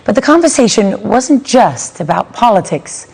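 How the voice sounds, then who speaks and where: A woman hosting a news show, presenting from a script in a smooth delivery. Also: medium pitch, sing-song, normal speed, darkish tone.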